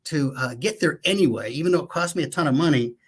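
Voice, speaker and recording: Husky-voiced man telling a story. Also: a little high, quick pace. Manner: relaxed, reflective storyteller with fillers. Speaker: guest, professional speaker. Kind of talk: casual interview chat.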